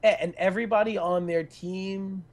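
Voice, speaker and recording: A man's voice: high voice, fairly even intonation, moderate pace. A man co-hosting a casual esports podcast, talking loosely with jokes and crude banter. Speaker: podcast co-host.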